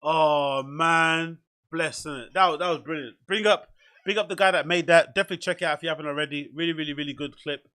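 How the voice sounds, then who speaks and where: A man's voice: on the high side, a little fast, sharp tone. A man hosting a podcast, casually commenting on clips in a rambling, self-mocking way. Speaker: podcast host.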